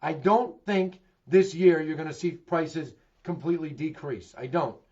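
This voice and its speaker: A man's voice: a little high, measured pace, a little mellow. A middle-aged man with a Boston accent gives a candid real estate market update, asking himself questions and answering them emphatically. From Massachusetts. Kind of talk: direct-to-camera market commentary. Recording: dull lo-fi recording.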